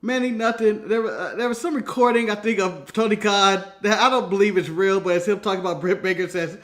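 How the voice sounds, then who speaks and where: A man's voice: high-pitched, brisk, hardly any pauses, fairly bright tone. A man from the United States co-hosting a casual wrestling podcast, playful and swearing, often laughing through his words. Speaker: co-host.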